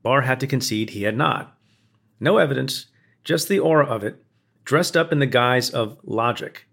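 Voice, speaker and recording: A man, a former prosecutor, reading a scripted opinion essay in a measured, pointed way with building emphasis. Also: mid-range voice, creaky, fairly bright tone. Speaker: former prosecutor narrating commentary.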